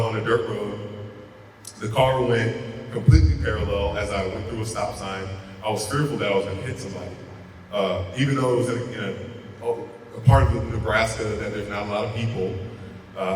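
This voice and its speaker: Male guest speaker, low voice, earnest and halting, recorded from a distance in a big hall with long reverb. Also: slight background noise. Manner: earnest, halting, repeats words as he recounts. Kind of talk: inspirational personal storytelling talk. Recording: echoey hall, speaker far from mic.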